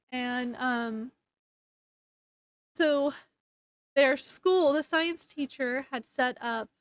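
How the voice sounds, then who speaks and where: A woman's voice: high voice, no echo. A woman casually recapping a book's plot for her review channel, rambling with fillers and self-corrections. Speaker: book reviewer. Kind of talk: casual book review vlog.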